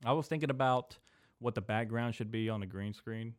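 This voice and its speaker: A young man hosting a casual solo podcast, rambling and swearing, drifting between mumbled asides and loud venting into a desk microphone. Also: medium pitch, fairly quick, dry recording. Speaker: podcast host. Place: small indoor room.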